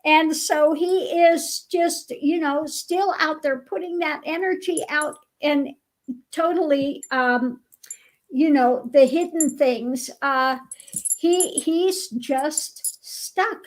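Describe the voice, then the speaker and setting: Slow-talking high-voiced woman. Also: low-quality recording. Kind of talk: casual chat.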